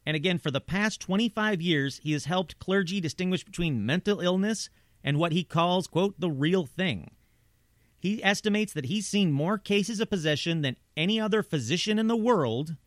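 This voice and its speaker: A man's voice: on the high side, a bit bright, dry recording, clean studio sound. A man narrating paranormal stories in a conversational way, with asides and rhetorical questions. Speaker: host. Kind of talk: true-crime style narration.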